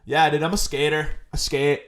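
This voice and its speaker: A young man hosts a podcast with a crude, sarcastic comedic monologue. He rambles and repeats himself for effect. His voice sits a little on the high side. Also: flat delivery, normal speed. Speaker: podcast host.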